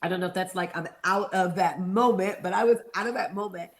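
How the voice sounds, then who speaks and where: A woman's voice: lowish voice, brisk. A middle-aged woman giving an earnest personal testimony in an interview, acting out the voices she remembers. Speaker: interview guest, mentor and therapist.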